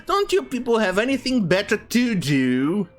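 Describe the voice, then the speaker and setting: A woman's voice: mid-range voice, wildly swooping pitch, normal speed, soft background music. A woman giving ranting news commentary, sarcastic and profane, who mocks words by repeating them. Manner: sarcastic and profane, with mocking repetition. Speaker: online commentator.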